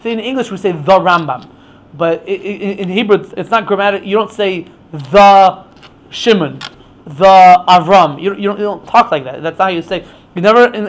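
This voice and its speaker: A man teaching an informal Torah class, explaining with many stammered restarts. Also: high-pitched.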